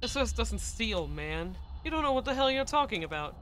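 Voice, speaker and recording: A woman voicing a hot-tempered young male gang leader from a visual novel, gruff and threatening. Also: a little high, sing-song, a little fast, a bit bright, a little hiss or hum. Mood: angry.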